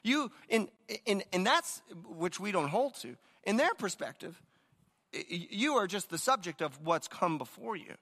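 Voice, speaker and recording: A man's voice: high voice, sing-song, normal speed, a bit bright, long reverb tail. A man preaching a sermon with energy, telling stories and often repeating words as he starts a thought. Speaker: pastor.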